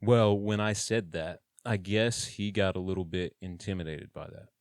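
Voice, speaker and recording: A man's voice: low-pitched, normal speed, clean tone, no echo, clean studio sound. A man casually telling his own story in a blunt, plain-spoken way, with swearing and slang.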